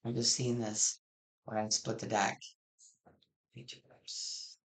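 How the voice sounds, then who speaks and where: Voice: medium pitch, level tone, takes it slowly, gravelly, fairly bright tone. A tarot reader giving a casual general reading, frank and blunt, swearing freely and rambling through restarts.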